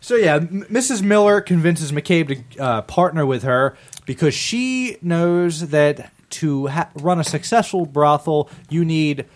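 A man's voice: fairly high pitch, expressive, unhurried. Joking man recapping a movie. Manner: joking, summarizes plot with fillers. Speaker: podcast host recapping a film. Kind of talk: casual film discussion.

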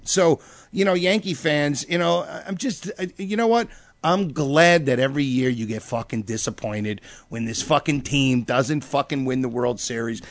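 A man ranting about sports on a podcast, heated and full of profanity. His voice sits a bit high for a man and sounds dry and close. He keeps pushing his point hard. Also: fairly bright tone, no echo. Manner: ranting, heated, swears a lot. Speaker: podcast co-host. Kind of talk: casual profane chat.

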